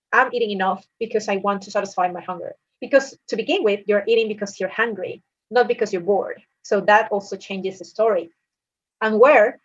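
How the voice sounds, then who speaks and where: A woman's voice: mid-range voice, lo-fi sound. Earnest woman dietitian giving a talk. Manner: earnest, explanatory, coaching tone. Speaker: dietitian and nutrition coach. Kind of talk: recorded presentation.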